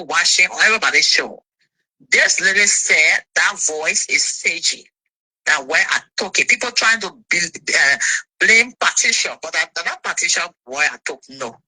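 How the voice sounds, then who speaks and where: A woman, an interview guest telling her side of a dispute in an indignant, animated way. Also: lowish voice, breathy edge, no room sound, rough recording.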